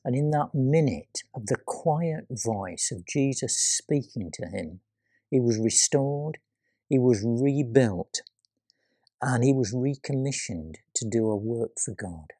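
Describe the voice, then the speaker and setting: Man preaching, slow measured pace, dry close sound, dramatic pauses, hushed quoted lines. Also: medium pitch, expressive, husky, dry recording. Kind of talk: sermon.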